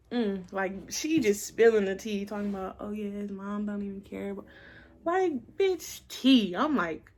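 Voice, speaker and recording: A young woman with a gravelly, creaky voice telling a story to her viewers in a casual vlog. She is blunt and profane, and acts out the other people in the story with quick quoted voices. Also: medium pitch. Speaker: vlogger.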